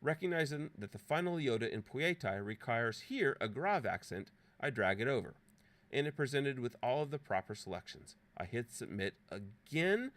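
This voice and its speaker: A man's voice: mid-range voice, gravelly, a bit bright. A man presenting an app walkthrough as a scripted, playfully dramatic voice-over narration with theatrical exclamations. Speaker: presenter demonstrating a teaching app.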